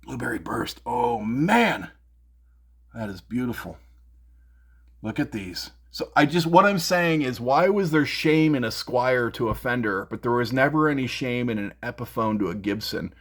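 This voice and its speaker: A man's voice: medium pitch, expressive, normal speed, fairly bright tone, breathy edge. A middle-aged man hosting a music gear news show from his home music room, chatting casually in a rambling, jokey way with lots of fillers and restarts. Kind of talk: casual chat.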